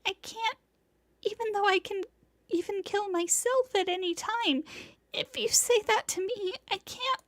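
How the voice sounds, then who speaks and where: A woman's voice: animated, slow, vocal fry, long pauses, dry recording, full character voice. Sobbing young woman senpai. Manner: high, tearful, sobbing cry. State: crying. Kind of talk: dramatic reading of a visual novel.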